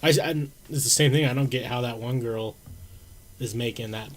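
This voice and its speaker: A man's voice: mid-range voice, moderate pace, a little hiss or hum. A young man co-hosting a podcast, telling stories in a laid-back, amused way. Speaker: podcast co-host reading chat comments. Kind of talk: casual podcast chat.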